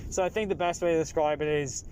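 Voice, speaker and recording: A young Irish man in his twenties, a taxi passenger explaining things in relaxed casual chat, with many fillers and restarts. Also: on the high side, fast, slight background noise. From Ireland. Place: inside a taxi.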